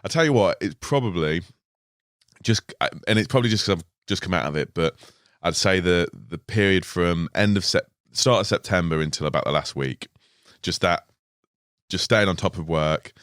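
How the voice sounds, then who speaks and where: A man with a very low voice talks things through on a podcast, pausing often on "um" and "uh". The studio sound is dry and close. His speech is laid-back and unhurried. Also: a bit bright, dry recording. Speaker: podcast host. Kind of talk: casual podcast chat.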